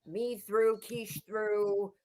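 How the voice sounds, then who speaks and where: A woman's voice: medium pitch, steady tone, extremely slow, a little mellow. A woman co-hosting a livestream, venting earnestly in casual chat about being harassed online. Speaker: livestream co-host.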